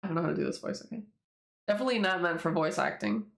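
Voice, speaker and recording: Talking very fast in a low, creaky voice, a woman rambles through commentary on a comic she made herself. She swears without restraint and laughs as she goes, and the space around her echoes.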